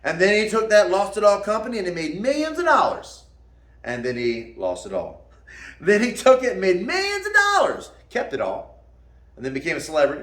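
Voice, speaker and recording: A man's voice: fairly high pitch, wildly swooping pitch, normal speed, fairly bright tone, echoey room. A man who teaches martial arts, giving a folksy motivational talk, calling the listener "man" and laughing at his own jokes.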